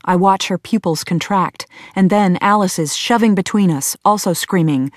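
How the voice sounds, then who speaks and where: A woman reading a first-person audiobook in a measured, tense storytelling manner. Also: mid-range voice, no echo, clean studio sound. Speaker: audiobook narrator.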